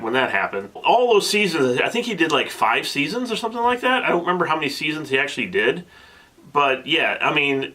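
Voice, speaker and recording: A man in his thirties, telling a casual vlog story with excitable, animated energy and many restarts, at times getting emotional. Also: medium pitch. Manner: gets emotional. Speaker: vlogger.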